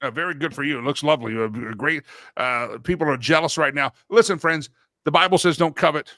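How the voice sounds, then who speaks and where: A man's voice: a little high, fairly quick, pushed and bright, dry recording, studio quality. A middle-aged man hosting a talk show, telling rambling personal stories and often correcting himself mid-sentence. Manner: rambling, anecdotal, self-correcting. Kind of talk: casual talk show monologue.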